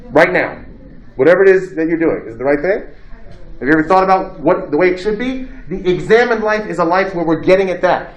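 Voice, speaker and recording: A man's voice: on the high side, echoey room. A man giving a casual philosophy lecture to a class, talking conversationally and acting out quotes in a raised voice.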